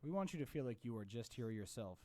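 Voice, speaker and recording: A man co-hosting a casual podcast, loud, joking and profane as he opens the show. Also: mid-range voice, very animated, fast, no echo. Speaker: podcast co-host. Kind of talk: casual chat.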